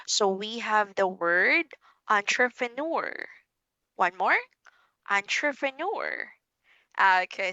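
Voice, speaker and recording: A young woman with a Filipino English accent teaches a child an online English lesson, speaking slowly and encouragingly and referring to herself as teacher. Her voice is fairly high with a sharp tone, recorded with no echo.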